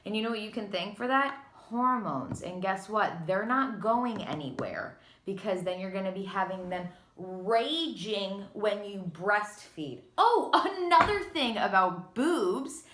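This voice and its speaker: A young pregnant woman vents in a casual vlog, short of breath and sighing between dramatic, sarcastic complaints. Her voice sits at a middling pitch and bounces off the walls of an echoey room. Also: lively intonation, a little slow, hardly any pauses, fairly bright tone, a little hiss or hum. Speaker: vlogger. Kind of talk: candid casual vlog rant.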